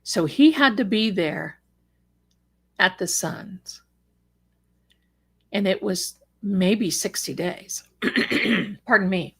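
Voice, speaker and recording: A middle-aged woman hosts a live show and tells a story from her own life. She is animated and dramatic, drops wry asides, and her voice sits at an ordinary middle pitch. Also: husky. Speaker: psychic show host.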